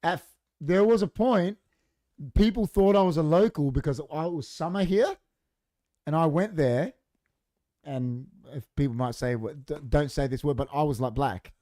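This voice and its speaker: An Australian podcast co-host with a slightly high voice, chatting loosely and stumbling over repeated words. The sound is dry and close, with no room echo. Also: male voice, lively intonation, normal speed, long pauses, mellow. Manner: rambling, repeats words while thinking. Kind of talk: casual chat.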